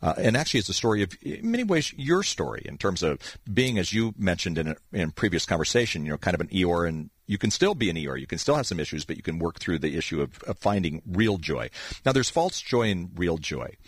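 A man's voice: deep voice, sing-song, fairly quick, breathy edge, no echo. A man hosting an interview, asking questions in a friendly, thoughtful way. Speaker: interviewer host.

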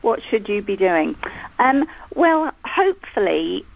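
A woman's voice: medium pitch, sing-song, takes it slowly, gravelly, narrow, tinny audio. A middle-aged woman, a landscape gardener chatting on the radio in an amused, teasing way. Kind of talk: casual radio chat.

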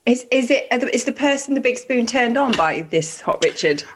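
A woman co-hosting a podcast with a lively, swooping voice. She teases her co-host and giggles through the casual banter. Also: on the high side, normal speed, slight background noise. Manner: giggly, teasing, expressive.

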